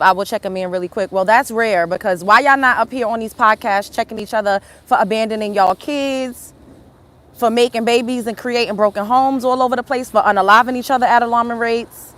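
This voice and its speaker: A young woman hosting a livestream rants emphatically in an African American Vernacular English accent, confrontationally firing off one rhetorical question after another. Her voice is fairly high and a bit bright, and the talk is an opinionated rant.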